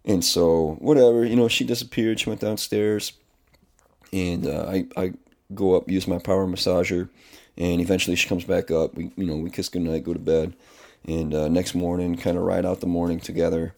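A man speaks in a deep-set, gravelly voice with a lot of vocal fry. He talks to the camera in a candid personal monologue, rambling, restarting his sentences and swearing casually. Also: steady tone, moderate pace, a little mellow. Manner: rambling and confessional, with frequent restarts. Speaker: kindergarten teacher.

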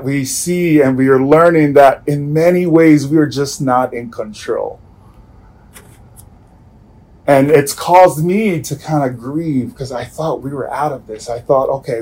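Earnest pastor preaching, softly trailing endings. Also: male voice, fairly high pitch, low-quality recording. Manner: earnest, with many restarts and soft trailing endings. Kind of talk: sermon.

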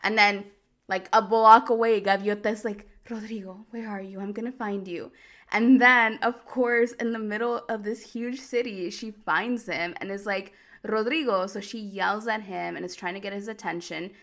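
A woman's voice: medium pitch, fairly even intonation, moderate pace, a bit bright. A woman hosting a podcast, chattily recapping a telenovela plot with lots of "like" and amused asides. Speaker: podcast host.

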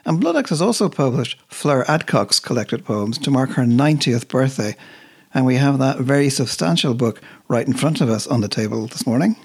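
A man, co-hosting a book show in a thoughtful, measured way with some hesitant restarts. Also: medium pitch, expressive, vocal fry, slightly rough. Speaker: co-host of a books show. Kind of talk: relaxed literary radio chat.

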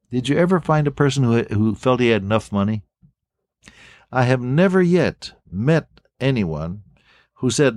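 A man preaching a sermon in an earnest way, slowing down to stress key phrases and swinging his voice up and down. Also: mid-range voice, animated, darkish tone, no room sound, studio quality. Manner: earnest, rising and falling emphasis, slow stress on key phrases.

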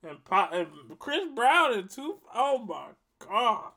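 A man's voice: extremely high pitch, big pitch swings, slow pace, pushed and bright. A man giving a casual rant to his viewers, emphatic and profane, repeating himself for effect. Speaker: vlogger.

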